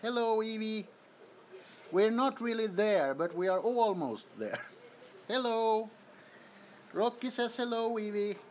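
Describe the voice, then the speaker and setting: Giggly Swedish-accented man, high voice. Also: expressive, slow, long pauses, a little hiss or hum. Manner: giggly, amused, introducing kittens. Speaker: livestream host. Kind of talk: casual livestream chat. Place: indoors, apartment.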